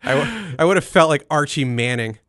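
Profane, animated man on a dry mic. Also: a little high, brisk, no room sound. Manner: profane, animated, mock-dramatic. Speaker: podcast co-host. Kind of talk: casual sports chat.

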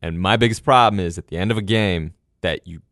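A man's voice: sits low, fairly quick, fairly bright tone, dry recording, clean studio sound. A man co-hosting a casual sports chat, opinionated and mocking, laughing often. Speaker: podcast co-host.

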